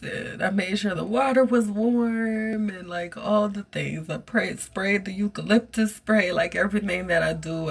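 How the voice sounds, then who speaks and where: A woman hosting a podcast, recounting a personal experience in an earnest, emotional monologue with a soft voice. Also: mid-range voice, creaky, breathy edge. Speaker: podcast host.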